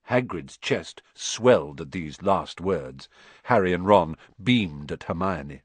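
A man narrating an audiobook in an expressive storytelling manner. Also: deep voice, a little slow, husky, no echo.

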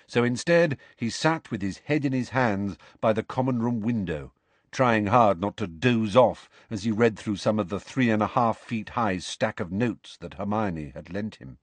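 A man reading a novel aloud as narrator, steady and expressive. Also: fairly low pitch, dry recording. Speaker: audiobook narrator. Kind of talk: scripted narration.

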